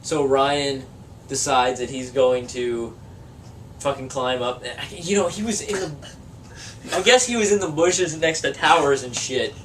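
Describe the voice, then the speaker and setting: A man's voice: medium pitch, unhurried, a bit bright. A young man in a band, casually telling a long, profane story in an interview and laughing through it. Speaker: band member. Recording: distant mic with faint room noise.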